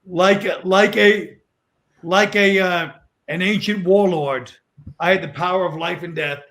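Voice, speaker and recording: Deadpan storytelling man, high voice. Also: measured pace. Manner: deadpan, dark storytelling with acted quotes. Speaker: comedian guest. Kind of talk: casual storytelling.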